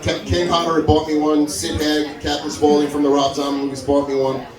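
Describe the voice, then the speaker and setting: A man's voice: fairly quick, over music. A man telling a stand-up story at a comedy club open mic, acting out the people he quotes with big jumps in his voice. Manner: animated, acts out quotes with big pitch jumps. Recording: echoey room, mic from far, crowd audible. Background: audience laughing.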